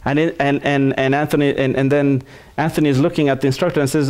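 Male pastor preaching, tells stories, lots of restarts, animated. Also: mid-range voice, fast. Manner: animated storytelling with many restarts. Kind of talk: sermon.

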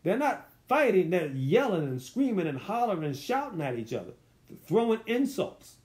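High-voiced man teaching a Bible study. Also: very animated, normal speed, darkish tone. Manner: conversational, asks the listeners rhetorical questions; loose, colloquial phrasing.

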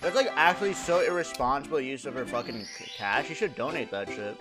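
A man's voice: mid-range voice, brisk. A man streaming live who rants to his chat in a sarcastic, mock-serious way, swearing freely. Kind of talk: casual ranting to a live chat. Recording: music playing behind the voice.

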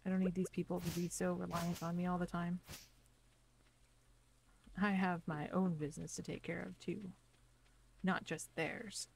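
A woman's voice: fairly low pitch, flat delivery, moderate pace, vocal fry, pauses often, darkish tone, slight background noise. A woman streamer chatting casually to herself as she plays a farming game, narrating each step. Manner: chatty, talks to herself while playing. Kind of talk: casual gameplay commentary. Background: game music.

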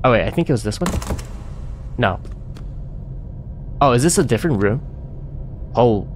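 A man's voice: medium pitch, expressive, normal speed, a little hiss or hum. A man streaming himself playing a horror game, talking to himself with panicky yelps and nervous laughs. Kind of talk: let's-play commentary.

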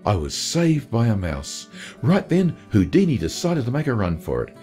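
A man presenting on radio and reading a short story aloud in an expressive storytelling manner. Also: medium pitch, normal speed, faint music behind.

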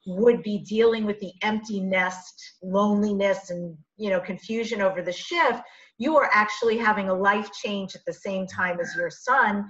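A woman's voice: medium pitch, moderate pace. A woman hosts a podcast interview, asking thoughtful, leading questions. Her voice comes through a slightly dull, muffled recording. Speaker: podcast host.

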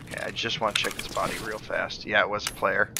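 A man's voice: fairly low pitch, level tone, fast talker, creaky, noisy background. A man chatting with his squad mates while playing a shooter game, swearing and laughing often. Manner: crude, joking, laughs often. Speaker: streamer and squad member. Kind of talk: casual gaming chat with friends.

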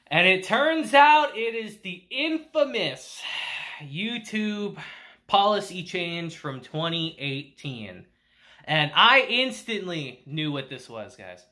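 A woman's voice: fairly low pitch, sing-song, slow, sharp tone. A woman casually recapping an anime episode, laughing often and using slang and profanity. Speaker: anime reviewer.

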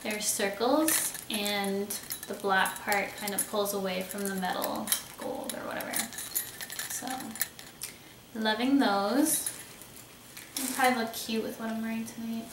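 In her casual haul video, a young beauty vlogger speaks a little slowly in a mid-range voice, enthusiastically showing off clothes and accessories while thinking aloud. The audio has roomy echo, faint hiss, and distance from the mic.

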